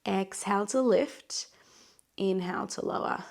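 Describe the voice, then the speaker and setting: Raspy woman, pilates instructor, gravelly hoarse voice, encouraging, counting reps, cueing breath. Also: mid-range voice, a little slow. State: run down, hoarse. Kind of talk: guided workout instruction.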